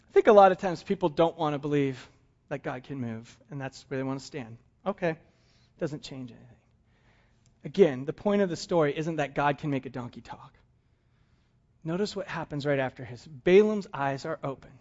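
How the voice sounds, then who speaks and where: A man's voice: on the high side, brisk, a little mellow, lo-fi sound. A man preaching a sermon in a conversational, humorous way, chuckling often. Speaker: pastor.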